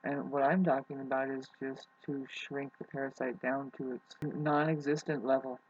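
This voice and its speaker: A vlogger musing in a soft, quiet way, hesitant and full of restarts. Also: mid-range voice, flat delivery, moderate pace, husky, muffled recording. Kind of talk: rambling spiritual musing.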